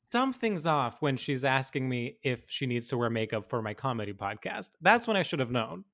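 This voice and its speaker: A man co-hosting a comedy podcast in casual chat, talking in animated bursts with frequent restarts. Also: medium pitch, moderate pace, vocal fry. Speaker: podcast co-host.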